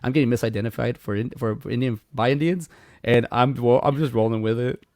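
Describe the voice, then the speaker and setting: Podcast co-host, male, brisk gravelly delivery, lively anecdotal storyteller, dry close sound. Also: mid-range voice, dry recording. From Mexico. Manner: animated storyteller, acts out voices, laughs a lot. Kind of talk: casual chat, storytelling.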